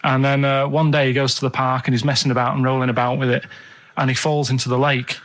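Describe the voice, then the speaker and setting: A man on a radio show, chatting casually and telling rambling, halting stories full of restarts. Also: medium pitch, flat delivery. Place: radio studio.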